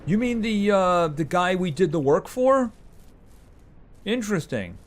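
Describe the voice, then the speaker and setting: Animated man streaming a ranch game. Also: high voice, measured pace. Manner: chatty, talks to game animals and reads chat aloud. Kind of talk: live gameplay commentary, chatting with viewers.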